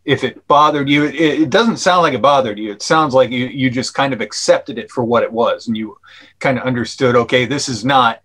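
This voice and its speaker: A man's voice: mid-range voice, a little fast, fairly bright tone, low-quality recording. A man guest on a podcast explaining his film at length, with many fillers and restarts. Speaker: actor and filmmaker guest. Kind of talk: casual interview chat.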